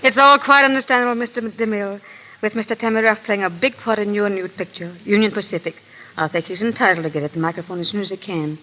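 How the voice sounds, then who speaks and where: An actress giving brisk, teasing curtain-call remarks. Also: female voice, medium pitch, bright, forceful tone, low-quality recording.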